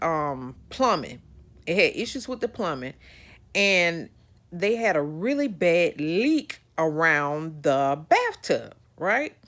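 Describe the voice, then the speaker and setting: A woman hosting a podcast, telling a personal story to her listeners in an animated way, repeating phrases for emphasis. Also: lowish voice. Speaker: podcast host.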